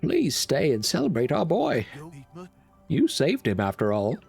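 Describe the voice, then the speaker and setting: A streamer voicing a worried, doting mother in a video game who gently scolds her son. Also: mid-range voice, wildly swooping pitch, unhurried, creaky, soft background music, exaggerated voice. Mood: fussing.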